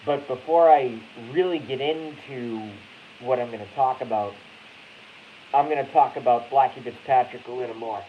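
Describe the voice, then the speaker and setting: A man's voice: medium pitch, normal speed. A man from Boston hosting a casual live stream, rambling, swearing and cutting himself off mid-sentence. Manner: rambling, profane, self-interrupting. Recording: dull lo-fi audio with faint hiss.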